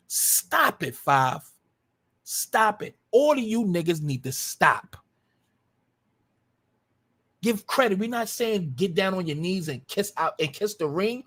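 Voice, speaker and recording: A man's voice: sits high, big pitch swings, slow, fairly bright tone. A man hosting a livestream and speaking in a heated, combative way. He swears freely and hammers his points home by repeating them. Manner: combative, profane, repetitive. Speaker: live stream host.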